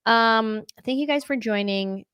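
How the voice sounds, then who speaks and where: Bright-voiced bubbly woman host, dry sound. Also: a little high, a little slow, clean tone, no echo. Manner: bubbly, laughing, playful. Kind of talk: live-streamed interview chat.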